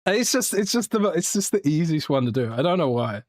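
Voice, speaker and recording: A man's voice: fairly high pitch, big pitch swings, brisk, dry recording, studio quality. A British man hosting a podcast in a casual, jokey way, rambling with plenty of restarts and fillers. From Britain. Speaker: podcast host.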